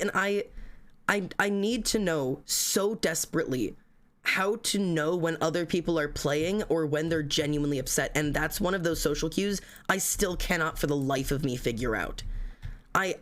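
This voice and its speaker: A man's voice: a little high, fairly bright tone. A man venting to his livestream chat in a rambling, self-critical rant, swearing heavily and restarting his sentences often.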